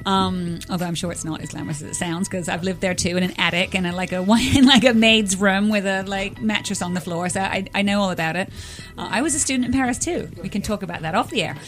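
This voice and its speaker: A woman's voice: mid-range voice, sing-song, fast talker, few pauses, faint music behind. A woman hosting a radio show in a studio, chatting in a jokey way with lots of fillers and little laughs. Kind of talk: casual studio interview.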